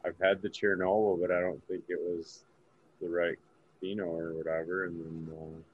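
Deep-voiced man chatting loosely. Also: flat delivery, moderate pace, phone-quality sound, a little hiss or hum. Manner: rambling, trails off searching for words. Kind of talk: casual chat.

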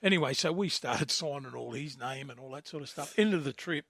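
Gravelly Australian man telling yarns. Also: mid-range voice, brisk, a bit bright, dry recording, studio quality. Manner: rambling anecdotes with frequent laughter. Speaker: co-host, former rugby league player. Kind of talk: casual radio chat.

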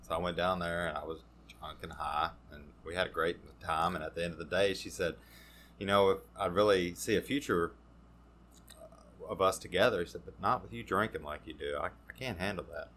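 A man, a podcast guest telling his recovery story in a halting, casual way, full of fillers and restarts. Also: low voice, fairly even intonation, a bit bright, slight background noise.

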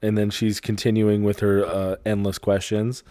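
A man's voice: on the low side, level tone, normal speed, mellow, dry recording. A man in his thirties co-hosting a casual chat, blunt and storytelling, swearing freely. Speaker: podcast co-host.

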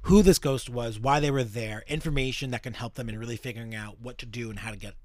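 A man's voice: medium pitch, quick pace, no echo. A man hosting a podcast and summarizing a story casually, with fillers and the odd swear. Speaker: podcast host.

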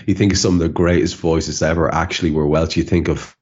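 Irish guy hosting a podcast, real low voice, kinda muffled lo-fi sound. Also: fast talker. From Ireland. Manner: relaxed, repeats words, laughs easily. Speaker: podcast host. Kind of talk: casual chat.

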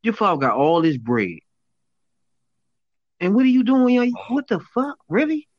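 A man's voice: high voice, measured pace, no echo, dull audio. A man co-hosting a casual chat, riffing in street slang and laughing in disbelief. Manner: animated, laughing, incredulous outbursts in slang.

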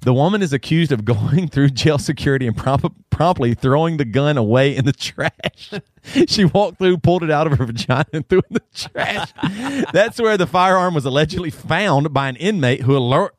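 A man's voice: fairly high pitch, lively intonation, moderate pace, dry recording, clean studio sound. A man hosting a casual podcast, reading a news story aloud and often breaking into laughter. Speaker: podcast host.

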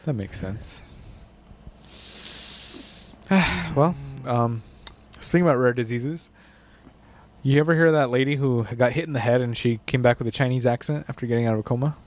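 A man's voice: medium pitch, normal speed, pauses often. A young man co-hosting a casual podcast chat, joking, laughing often and mimicking voices. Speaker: podcast co-host.

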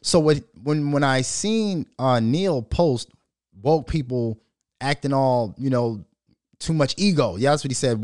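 A man's voice: medium pitch, animated, measured pace, darkish tone, no room sound, studio quality. A middle-aged man hosting a show, giving a casual, profane, rambling commentary monologue with frequent restarts. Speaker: show host.

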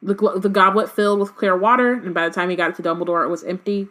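A woman's voice: medium pitch, fairly even intonation, fast talker, a bit bright. A woman co-hosting a book podcast, reading passages aloud and chatting casually with lots of fillers. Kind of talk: casual chat and read-aloud.

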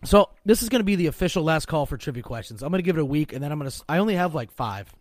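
A man's voice: on the high side, lively intonation, very fast, no echo. A man co-hosting a casual podcast, talking bluntly and swearing freely. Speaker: podcast co-host. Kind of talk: casual chat.

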